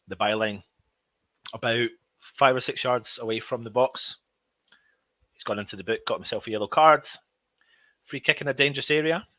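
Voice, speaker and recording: A man hosting a live fan watch-along, commentating on the match, shouting at big moments and grumbling at his own players. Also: fairly low pitch, no room sound. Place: at home.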